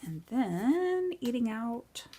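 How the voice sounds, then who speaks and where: A woman's voice: fairly high pitch, big pitch swings, slow, warm tone, breathy edge. A woman in her forties chatting casually and upbeat while she counts cash into budget envelopes, tired from little sleep. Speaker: budgeting vlogger.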